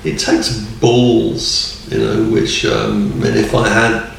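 A man's voice: on the low side, little pitch movement, slow pace, gravelly, distant mic, a little hiss or hum. A man chatting casually as a podcast guest, rambling and enthusiastic and chuckling often. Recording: echoey room, off mic.

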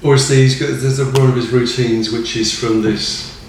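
A man's voice: mid-range voice, steady tone, moderate pace, far from the mic, slight background noise. A man chatting casually as a podcast guest, rambling and enthusiastic and chuckling often. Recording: echoey room, off mic.

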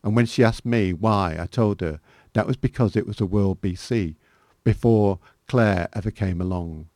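A man's voice: lowish voice, moderate pace, a little mellow, dry recording. A man reading a personal memoir aloud as a guest, with dry, self-mocking humour. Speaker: guest author reading his work.

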